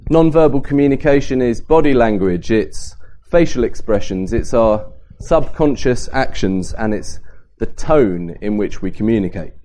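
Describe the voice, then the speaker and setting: A man giving a Bible talk at a camp, lively and varying his pace and emphasis to make points. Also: fairly low pitch. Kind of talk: sermon to a youth camp.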